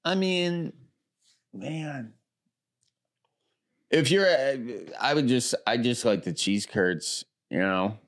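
A man from the American Midwest answering rapid questions in an easygoing, rambling way. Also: mid-range voice. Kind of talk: casual chat.

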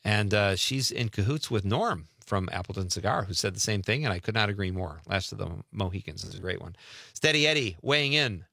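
Lively, animated male radio host. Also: lowish voice, a little fast, vocal fry, no room sound, studio quality. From Wisconsin. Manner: chatty, laughs often, reads out listener messages. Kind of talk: casual call-in show chat.

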